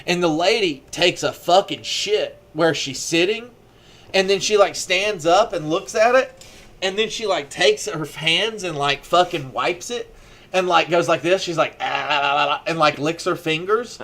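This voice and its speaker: A man's voice: high-pitched, unhurried, fairly bright tone. A young man chatting casually, telling a rambling story full of filler words and swearing. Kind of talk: casual chat.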